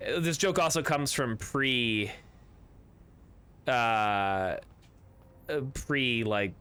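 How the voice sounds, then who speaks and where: A man's voice: medium pitch, drawn-out words, sharp tone, smooth. A man streaming a video game, chatting casually and rambling through jokes while reading chat aloud.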